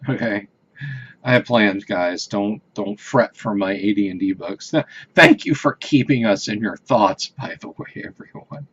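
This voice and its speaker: A man's voice: lowish voice, husky. A man hosting a casual livestream, chatting with viewers in a rambling, hesitant way with many fillers and restarts. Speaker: livestream host. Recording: dull lo-fi stream audio.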